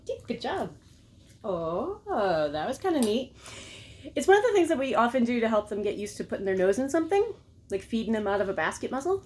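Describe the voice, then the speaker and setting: A woman's voice: mid-range voice, a little mellow, a little hiss or hum. A woman dog trainer at home in her living room, explaining her method and coaxing her dog in a sing-song voice. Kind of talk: casual home training demo.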